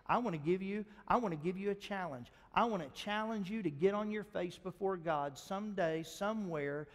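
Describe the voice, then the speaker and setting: A male pastor preaching a sermon, moving between quiet storytelling and loud, urgent exhortation and asking the congregation questions. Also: high-pitched, normal speed. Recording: long hall reverb.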